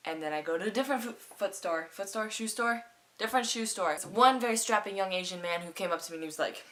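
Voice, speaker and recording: A young woman vlogging to her webcam at home, hoarse from a cold, telling a rambling comic story in an animated, self-mocking way that swings between loud and quiet. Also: medium pitch, fast talker.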